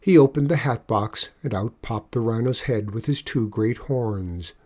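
A man reads a children's storybook aloud, gentle and measured, at a middling pitch. His delivery is even and unhurried. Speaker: narrator. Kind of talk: storybook reading.

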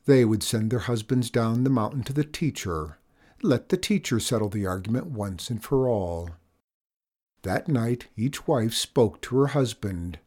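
A man narrating a children's storybook in a measured, expressive reading. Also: medium pitch.

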